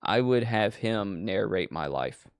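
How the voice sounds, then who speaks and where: A man's voice: on the low side, lively intonation, measured pace, smooth, dry recording, studio quality. A man hosting a horror movie show, chatting casually with profane, digressive storytelling. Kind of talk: casual rambling chat.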